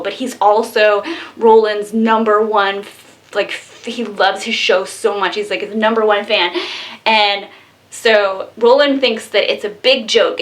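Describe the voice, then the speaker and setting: A young woman casually reviewing a low-budget horror film, bubbly and giggly, full of fillers. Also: fairly bright tone.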